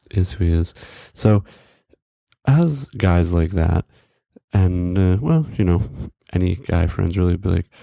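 A man's voice: low voice, creaky, dark tone, no echo, studio quality. A man telling a funny personal story to podcast listeners in a casual, rambling way, full of fillers, chuckling at his own tale.

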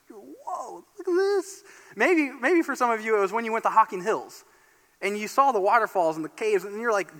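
A man from Northeast Indiana preaching a sermon as pastor, telling a story in an animated, excitable way. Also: high-pitched. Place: church sanctuary. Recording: long church hall reverb.

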